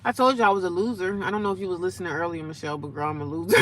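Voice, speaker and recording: Woman vlogger, playful and teasing, bright tone. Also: fairly low pitch, steady tone, rapid-fire, a little hiss or hum. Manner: sassy, playful, calls viewers girl and sis. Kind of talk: casual livestream chat with commenters. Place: homeless shelter.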